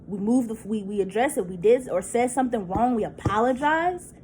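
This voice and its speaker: A woman's voice: a little high, expressive, a little fast, a little mellow, slight background noise, poor audio. A woman in her thirties venting in a personal vlog, upset and holding back tears, cursing and repeating herself. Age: 30s. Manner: agitated, repetitive, profane, restarts words. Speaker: vlogger. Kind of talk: emotional personal vlog rant.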